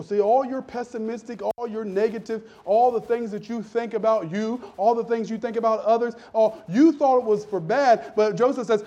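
A man preaching a lively, conversational sermon in a church, calling out to the congregation. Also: sits high, moderate pace. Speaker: pastor.

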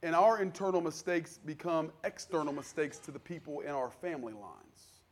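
A man preaching a sermon in a conversational style, acting out the people in his stories and building to loud, fervent peaks. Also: a little high, normal speed. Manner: conversational preaching, acts out quoted voices, builds to shouting. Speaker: pastor.

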